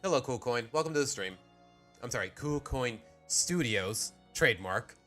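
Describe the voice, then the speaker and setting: A man's voice: mid-range voice, lively intonation, normal speed, pushed and bright, faint music behind. A man from Mexico, casually rambling through opinions on a live stream and often cutting himself off mid-sentence. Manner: rambling, self-interrupting, opinionated. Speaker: streamer ranking cartoon episodes.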